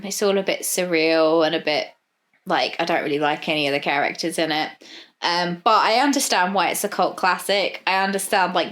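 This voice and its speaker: A woman's voice: lowish voice, fairly bright tone. A woman co-hosting a casual film podcast, speaking frankly and chattily with a lot of fillers. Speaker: podcast co-host. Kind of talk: casual chat.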